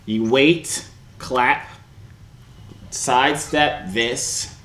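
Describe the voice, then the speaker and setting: A man's voice: mid-range voice, very slow, pushed and bright. A young man hosting his video channel, joking and teasing strangers in a casual video chat. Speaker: YouTuber host.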